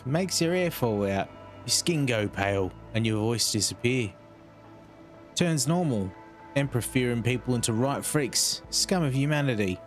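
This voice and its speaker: A man's voice: mid-range voice, lightly acted. A man voicing a sniveling, humble old peasant scout in a rustic put-on accent, reading game dialogue aloud. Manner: rustic dropped-letter accent voice, fawning.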